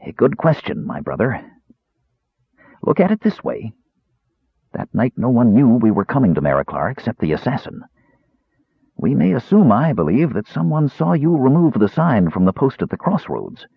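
A man's voice: medium pitch, sing-song, normal speed, creaky, breathy edge, dry recording, voice pushed up, full character voice. A man voicing a frail, snapping young mage. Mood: reasoning. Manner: snapping, short of breath. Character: frail sickly young male mage, sharp-tongued. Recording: tinny lo-fi narrow band.

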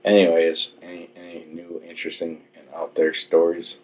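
Deep-voiced laughing man on lo-fi podcast. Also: monotone, normal speed, darkish tone. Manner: laughs often, profane wisecracks. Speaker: podcast co-host. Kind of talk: crude casual banter. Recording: dull lo-fi sound.

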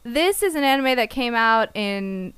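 A woman's voice: a little high, animated, measured pace, fairly bright tone, clean tone, no echo. A woman co-hosting a casual podcast, reviewing an anime with playful sarcasm and frequent laughs. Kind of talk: casual chat.

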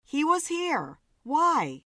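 In a storybook reading, a woman plays a blunt, wisecracking bartender with a lively, swooping voice. She speaks slowly and bluntly, and the sound is dry and close. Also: sits high, no echo, pitched above the performer's own voice, exaggerated voice. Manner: blunt, wry.

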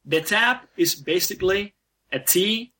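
A man's voice: high-pitched, lively intonation, a little slow, bright, forceful tone. A Spanish-speaking man with American-trained English, chatting as an interview guest, talking in loose restarts and fillers. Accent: American-trained English over a Spanish background. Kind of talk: casual interview.

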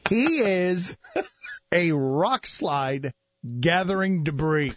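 A man hosting a comedic sports talk show, animated and excitable. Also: high voice, very slow, pauses often, no room sound, muffled recording. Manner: animated, excitable, mock-shouting. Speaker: sports radio host.

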